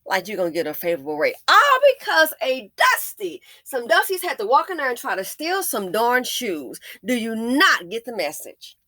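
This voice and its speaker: A woman hosting an opinion commentary, sarcastic and emphatic, swinging between loud stresses and low muttered asides. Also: sing-song, fairly quick, few pauses, dry recording. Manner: sarcastic and emphatic, with repeated jabs. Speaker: commentary channel host.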